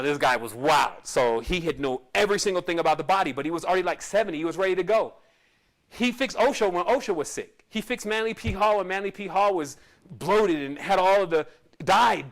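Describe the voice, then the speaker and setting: High-voiced man rambling through a story. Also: fairly bright tone. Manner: rambling, with frequent restarts and asides. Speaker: spiritual teacher. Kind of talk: casual storytelling monologue.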